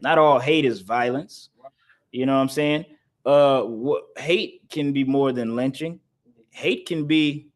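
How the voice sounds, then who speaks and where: A man's voice: medium pitch, takes it slowly. Emphatic man teaching a scripture class. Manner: emphatic, repetitive, laughs between points. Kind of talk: preaching-style scripture lesson.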